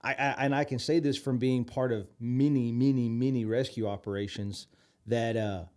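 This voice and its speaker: A man's voice: medium pitch, fairly even intonation, moderate pace, darkish tone. A man co-hosting a podcast, telling a story in a rambling way with many fillers and restarts. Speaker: podcast co-host. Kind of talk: casual chat, storytelling.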